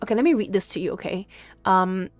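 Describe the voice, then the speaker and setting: A woman's voice: medium pitch, fast, darkish tone, dry recording, soft background music. A woman streamer hosting a casual chat, reading a script aloud and reacting in disbelief with laughter and stumbles. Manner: incredulous, laughing, stumbling over words. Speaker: streamer and host. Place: home streaming setup.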